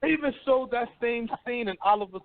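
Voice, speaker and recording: A man hosts a call-in radio talk show, ranting in a lively, profane way and slipping into mocking imitations. His voice sits high for a man. The sound is dry and tinny, like a phone line. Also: fairly quick, vocal fry, no echo. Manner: animated, profane, swings between mocking voices.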